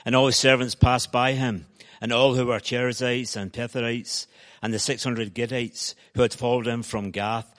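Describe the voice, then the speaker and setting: A Scottish man with a Glasgow accent reads scripture aloud at a steady, measured pace, and his delivery lifts when he voices quoted speech. His pitch sits mid-range for a man. The reading rings out with a long reverb, as in a large hall. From Scotland. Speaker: scripture reader.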